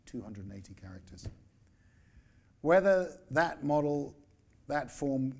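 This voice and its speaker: A man in his sixties giving a conference keynote as a newspaper editor. His delivery is measured and emphatic, with dry asides. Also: mid-range voice, a little mellow, slightly rough.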